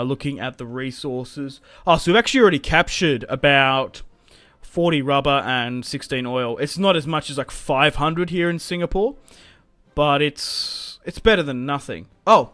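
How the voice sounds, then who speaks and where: A young gaming channel host with a slightly high voice narrates a strategy game live as he plays, speaking at normal speed. He thinks out loud with plenty of fillers, stays casual and talkative, and gets excited when the battle shifts. The recording is dry.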